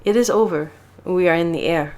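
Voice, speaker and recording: A woman voicing a protective man comforting his twin sister, calm and gently reassuring. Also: on the low side, a little fast, lightly acted.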